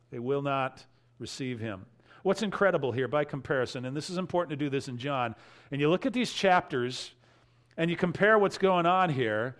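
A man preaching an expository sermon in a voice pitched somewhat high for a man. He is animated, and he acts out the voices of the crowd and reads scripture with feeling. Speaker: pastor.

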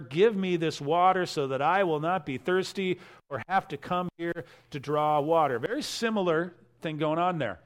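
A man preaching an expository sermon in a voice pitched somewhat high for a man. He is animated, and he acts out the voices of the crowd and reads scripture with feeling. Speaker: pastor.

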